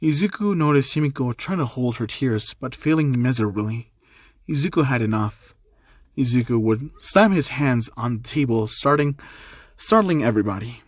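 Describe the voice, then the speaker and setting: A man narrates an amateur fan story in a plain, repetitive way, at a middling pitch. His voice sounds dry and close, with no room echo. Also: animated, moderate pace.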